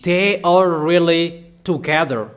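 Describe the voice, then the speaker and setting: Man, high voice, preacher, emphatic, repetitive, accusatory sermon. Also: slow pace, fairly bright tone.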